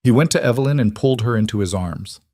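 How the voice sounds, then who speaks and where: A man reading a Western story aloud, in a calm and measured narration. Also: mid-range voice, no echo, clean studio sound.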